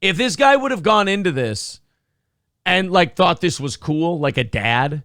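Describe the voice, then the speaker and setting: A man with a high, gravelly voice and a sharp, bright edge hosts a comedy morning show. He riffs crudely and sarcastically, then slips into mock-solemn speechmaking. The sound is close and dry. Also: expressive, unhurried, no room sound.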